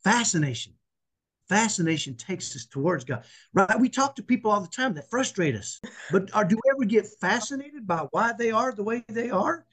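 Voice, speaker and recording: Podcast guest: earnest, preacherly man with a high, husky voice. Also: expressive, fairly quick, a bit bright. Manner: earnest, emphatic, preacherly, repeats himself. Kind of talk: conversational faith interview.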